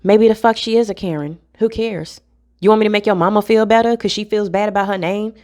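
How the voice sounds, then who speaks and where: A woman's voice: medium pitch, brisk, a little mellow. A young adult woman vlogging to camera in a casual rant, blunt and profane.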